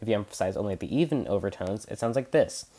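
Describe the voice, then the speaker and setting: A man's voice: on the low side, expressive, fast talker, very noisy. A teenage boy presenting a scripted science lesson, earnest and explanatory, stumbling over a few words. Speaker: student presenter. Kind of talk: scripted educational narration.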